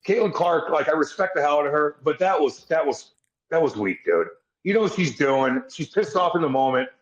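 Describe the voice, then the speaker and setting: Cranky podcast co-host, a man, gruff and profane, slightly higher voice, roomy dull sound. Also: expressive, brisk. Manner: blunt, profane, irritable. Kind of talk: casual podcast chat.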